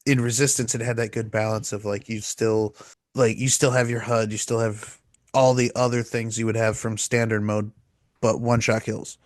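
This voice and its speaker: A man's voice: on the low side, flat delivery, normal speed, no room sound, studio quality. A man co-hosting a gaming podcast, telling rambling, self-mocking stories in casual chat. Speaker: podcast co-host.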